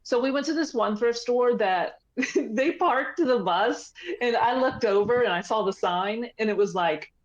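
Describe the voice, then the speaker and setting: Woman from virginia telling a story on a podcast, a bit high, muffled lo-fi sound. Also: a little slow. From Virginia, USA. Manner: chatty storyteller, laughs often. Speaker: podcast guest. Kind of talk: casual group chat. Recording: dull lo-fi audio.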